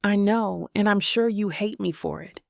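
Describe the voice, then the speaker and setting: A woman's voice: mid-range voice, normal speed, creaky, no room sound, clean studio sound, lightly acted. A woman reading the lines of a remorseful adult sister, shaky and pleading as she apologizes.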